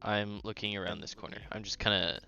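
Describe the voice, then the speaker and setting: A man playing a tabletop game, calmly describing his own moves. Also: lowish voice, brisk, gravelly, smooth. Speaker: player. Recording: dull lo-fi mic.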